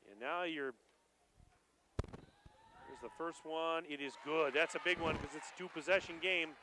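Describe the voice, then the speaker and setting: A man doing live play-by-play for a high school basketball game, excited and rising to shouts at the big plays. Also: moderate pace, noisy background. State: out of breath. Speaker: play-by-play announcer.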